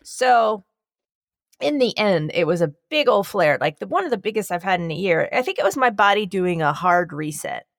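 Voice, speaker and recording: A woman's voice: mid-range voice, lively intonation, moderate pace, dry recording, studio quality. A woman co-hosting a podcast, chatting casually with a wry, theatrical flair. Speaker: podcast co-host. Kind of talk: casual chat.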